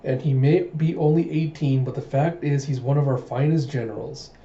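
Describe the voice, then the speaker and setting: A man's voice: medium pitch, normal speed, warm tone, close to an everyday voice. A man voicing an easygoing, fatherly middle-aged king who speaks in a mild, placating way. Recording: echoey room, muffled lo-fi mic.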